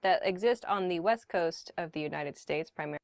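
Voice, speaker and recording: A woman on a casual podcast, talking playfully and trying tongue twisters out loud. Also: on the low side, brisk, dry recording, studio quality. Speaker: podcast host played in class.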